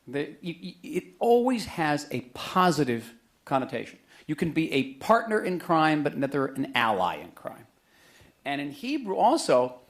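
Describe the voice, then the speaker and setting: A middle-aged man giving a book talk to a live audience in a museum auditorium, chatty and joking, telling stories with lively emphasis. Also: a little high. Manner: conversational, joking, animated storytelling. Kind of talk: public lecture to an audience.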